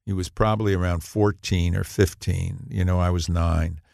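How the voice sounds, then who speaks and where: A man in his eighties, a podcast guest, telling anecdotes in an animated way and laughing at his own punchlines. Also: low voice, moderate pace, vocal fry, no echo, clean studio sound. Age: 80s. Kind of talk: storytelling in a podcast interview.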